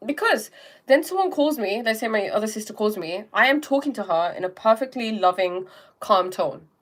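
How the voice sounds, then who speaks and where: A woman's voice: mid-range voice, animated, normal speed, fairly bright tone. Young woman host, chatty and informal, middle-range voice, talks straight to viewers. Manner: chatty, repeats "okay?" and "um", acts out little scenes. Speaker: live stream host. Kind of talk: casual live-stream talk on self-help.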